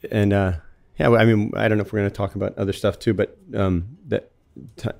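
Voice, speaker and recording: A man in his fifties from Florida, a guest telling relaxed stories in casual conversation. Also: lowish voice, fairly quick, gravelly. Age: 50s. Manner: relaxed and chatty, laughs easily while telling anecdotes.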